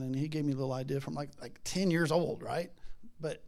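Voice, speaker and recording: A man's voice: on the high side, moderate pace, pauses often, a little mellow. A middle-aged man preaching a casual sermon, chatty and rambling, laughing often and acting out voices in his stories. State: has a daughter.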